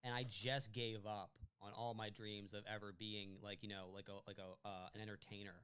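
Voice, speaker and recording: Male podcast co-host, quick and loose, rambling delivery with frequent fillers and cursing. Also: lowish voice, flat delivery, fairly bright tone, clear, resonant tone. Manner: rambling, swearing, many fillers. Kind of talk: casual chat.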